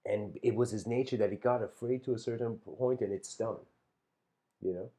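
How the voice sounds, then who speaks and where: In a dark-toned, lowish voice at a moderate pace, a man tells a story and reflects casually during a talk. He rambles in a relaxed way, with many fillers and restarts, and chuckles between phrases.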